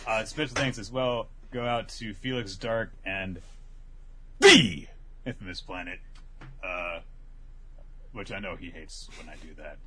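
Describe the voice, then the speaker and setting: A man's voice: low voice, a little slow, pauses often, a bit bright. A man co-hosting a casual podcast, reading the outro and plugs in an easygoing way. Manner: easygoing, reads plugs with filler. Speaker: podcast co-host.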